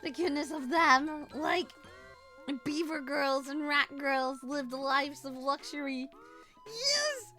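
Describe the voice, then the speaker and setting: A woman narrating a comic cartoon in a wry, storybook manner. Her voice is very high and bright, with soft music underneath and an unhurried delivery. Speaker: animator and narrator.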